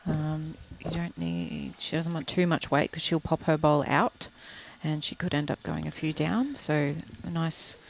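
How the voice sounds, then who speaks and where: A co-commentator calmly explaining the play in a lawn bowls match. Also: medium pitch, unhurried, hardly any pauses, poor audio. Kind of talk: live sports commentary.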